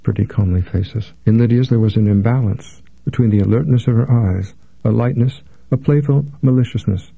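Low gravelly male audiobook narrator. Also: no room sound. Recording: dry, tinny phone-like sound.

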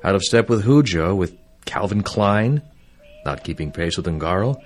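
A man's voice: low-pitched, lively intonation, a little slow. A man voicing a despairing, bitter painter. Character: despairing middle-aged male painter, wounded and bitter.

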